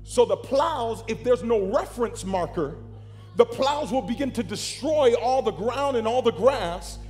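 A pastor preaching an animated sermon to his congregation, calling out to the room. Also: extremely high pitch, a little slow, in a large hall, faint music behind.

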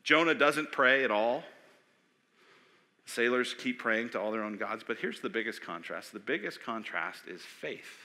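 A man preaching a sermon as pastor, animated, asking questions and acting out voices. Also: mid-range voice, a little slow. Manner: animated, acts out voices, asks the audience questions. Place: church sanctuary. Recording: long hall reverb.

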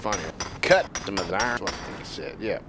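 A man's voice: on the low side, very animated, normal speed, noisy background. A man streaming a video game, rambling and joking in casual commentary and talking back to the characters on screen. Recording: game music playing under the voice.

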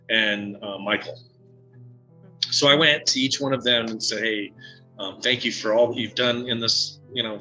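A man, a psychic medium guest, telling a personal story in a halting, emotional way with many fillers and restarts. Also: fairly low pitch, sharp tone, rough recording. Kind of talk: casual interview storytelling.

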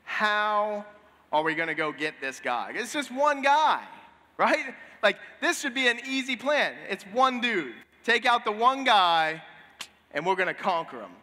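A man's voice: a little high, animated, pushed and bright, pitched below the performer's own voice. A preacher acting as a boastful warrior king. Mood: scornful. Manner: boastful, emphatic, drawn-out phrasing. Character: proud angry ancient male warrior king. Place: church sanctuary. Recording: long hall reverb.

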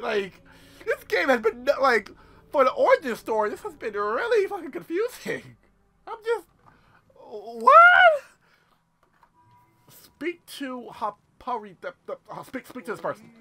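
Excitable gaming commentator, male, high and bright, swearing freely. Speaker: gaming youtuber. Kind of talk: let's play commentary.

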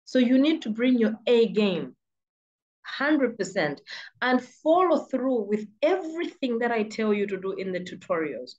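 A woman's voice: a little high, very animated, unhurried, a little mellow, lo-fi sound. Insistent woman with a British-sounding accent. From Malawi. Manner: emphatic and insistent, repeats for stress. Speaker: freelancing coach. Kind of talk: motivational advice talk.

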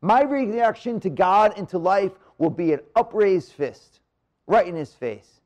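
High-voiced energetic male priest preaching. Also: measured pace, lo-fi sound. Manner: energetic, conversational preacher with sudden drops to quiet. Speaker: priest giving a marriage retreat talk. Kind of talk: live retreat talk. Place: church room near the Blessed Sacrament.

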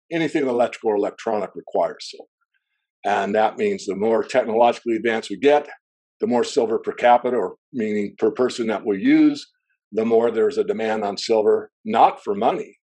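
A man with a low, mellow voice, talking as an interview guest about markets. He explains at length, drifting into asides, and clears his throat now and then. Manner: discursive, wanders into asides. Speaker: precious metals analyst guest.

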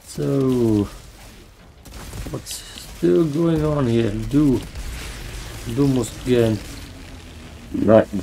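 A man with a German accent and vocal fry, giving rambling, joking commentary while playing a game into a desk mic. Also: mid-range voice, extremely slow, pauses often, warm tone, a little hiss or hum, low-quality recording. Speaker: gamer. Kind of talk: gameplay commentary.

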